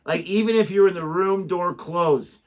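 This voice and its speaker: A man's voice: high-pitched, normal speed. A man co-hosting a reaction show, chatting casually with a rambling, self-deprecating manner.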